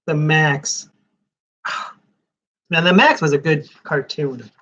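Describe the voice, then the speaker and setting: A man's voice: on the high side, slow pace, bright, forceful tone, dull audio. A man giving rambling live-stream commentary while flipping through a comics preview magazine, with sarcastic asides.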